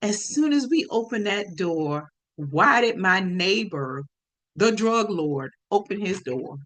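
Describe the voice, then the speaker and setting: A woman telling a personal story on her podcast, lively and speaking straight to her listeners. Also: medium pitch, slow pace. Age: adult.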